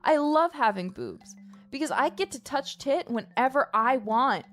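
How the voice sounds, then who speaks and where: A woman livestreamer rambling playfully and loudly to her chat. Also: sits high, lively intonation, a little slow, soft background music.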